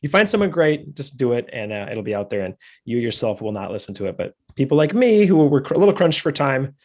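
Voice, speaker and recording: A man in his thirties hosting a podcast, chatting casually, laughing often and chiming in with quick affirmations. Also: medium pitch, lively intonation, a little mellow. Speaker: podcast host.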